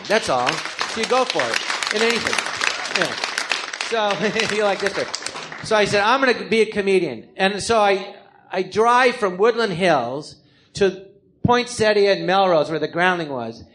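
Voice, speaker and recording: Animated American man telling comedy stories. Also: sits high. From Los Angeles, California. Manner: animated, acts out quoted people in different voices. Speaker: comedian telling his life story. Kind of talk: live comedic storytelling. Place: live theatre stage before an audience.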